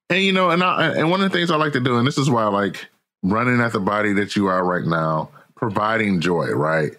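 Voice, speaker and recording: An American man, a podcast guest and author, telling stories in a casual, slangy, animated way and laughing often. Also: lowish voice, a little fast. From United States. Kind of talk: casual interview chat.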